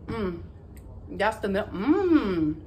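A woman, chatting excitedly to her viewers in a casual haul vlog. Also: mid-range voice, extremely slow, slight background noise. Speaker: vlogger.

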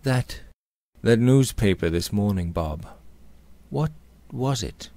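A man's voice: lowish voice, lively intonation, takes it slowly, dark tone, no room sound. A man reading aloud, voicing a young former dragoon who is shaken and grief-stricken, speaking hesitantly at first, then crying out in anguish. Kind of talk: audiobook character reading.

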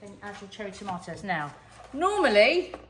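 A woman's voice: mid-range voice, lively intonation, moderate pace, a bit bright, roomy sound. A middle-aged Englishwoman casually demonstrating a recipe in a home kitchen, explaining as she goes. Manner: chatty, explains as she cooks. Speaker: cooking show co-host.

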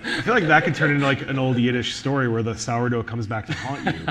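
A man's voice: medium pitch, fast talker, noisy background. A man interviewing an author on stage at a live event, casual and chatty, with a lot of "like" fillers. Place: live event venue with audience.

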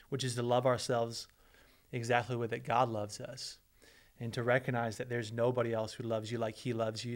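A middle-aged man, a pastor, preaching with earnest emotion and leading a prayer. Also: medium pitch. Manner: earnest, emotional, repeats words. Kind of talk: sermon with prayer.

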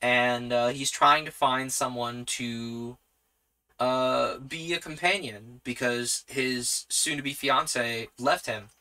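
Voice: medium pitch, fairly even intonation, slow, pushed and bright. A streamer narrating a solo tabletop superhero story, rambling with many fillers. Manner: rambling, many fillers, laughs at own choices.

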